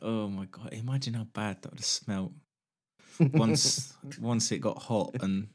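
Rambling, sweary podcast host. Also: male voice, lowish voice, a little slow, darkish tone, slightly rough. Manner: rambling, sweary, restarts a lot. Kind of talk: casual comedy podcast chat.

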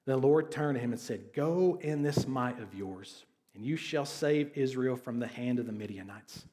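A man's voice: medium pitch, expressive, moderate pace, few pauses, dark tone. Man preaching a conversational sermon. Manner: conversational, asks the congregation questions, sarcastic asides. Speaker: pastor.

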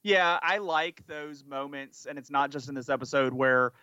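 A man's voice: medium pitch, moderate pace, sharp tone, clean tone, dry recording, muffled recording. A man co-hosting a podcast in casual chat, talking eagerly and rambling with lots of fillers. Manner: enthusiastic, rambling, many "like" fillers. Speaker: podcast co-host.

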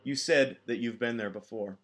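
A man's voice: medium pitch, moderate pace, a bit bright, soft background music, lightly acted. A man voicing a stern male cop who gives curt commands.

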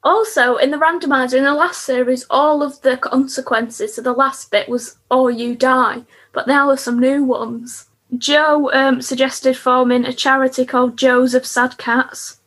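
A young woman co-hosting a podcast, chatty and quick as she recaps an episode with laughs. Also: high voice, fairly even intonation, a bit bright. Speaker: podcast co-host. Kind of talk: casual chat.

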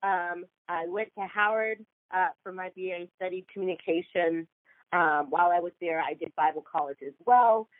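A woman's voice: on the low side, normal speed, no echo. A woman from Seattle, a TV producer, talking as a podcast guest in a chatty way with many ums and self-corrections. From Seattle, USA. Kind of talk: podcast interview. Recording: tinny phone line.

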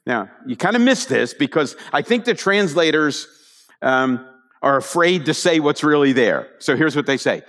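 Lively preacher in a reverberant hall. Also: male voice, a little high, moderate pace. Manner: animated storytelling with asides to the congregation. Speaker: pastor. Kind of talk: conversational sermon.

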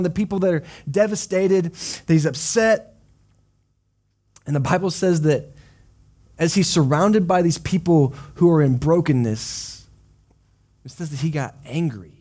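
Casual, higher-pitched male pastor preaching. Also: a little mellow. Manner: conversational, explains scripture with casual asides; acts out quoted voices of people. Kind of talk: sermon. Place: church service.

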